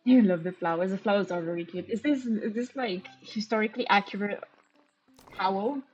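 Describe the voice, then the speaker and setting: A woman's voice: mid-range voice, brisk, a little mellow. A woman from Romania, chatting casually on a live stream as she plays, thinking aloud with gasps of delight. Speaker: game streamer. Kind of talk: casual live-stream chat while playing. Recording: dull lo-fi stream audio with faint music.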